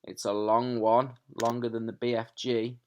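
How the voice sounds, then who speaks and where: A man's voice: medium pitch, level tone, moderate pace, clear, resonant tone. A man, a teacher chatting to his pupils and then reading a storybook aloud from his sofa at home, chatty and often laughing at himself. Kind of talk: casual chat then storybook read-aloud. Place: home living room, on a sofa. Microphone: camera in front of him.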